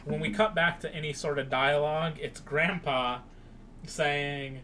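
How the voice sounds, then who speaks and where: Bright-voiced young man recapping a film. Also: a little high, unhurried, a little hiss or hum. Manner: animated, acts out quoted lines with raised voice. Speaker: podcast co-host. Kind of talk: casual chat recapping a film.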